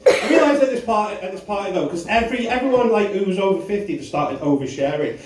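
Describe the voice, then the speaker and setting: A man's voice: sits high, animated, fast, background noise. A man doing a stand-up comedy set in a bar club, brash and sweary, working the crowd. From England. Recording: roomy club sound, audience laughter, mic at a distance. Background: audience laughing.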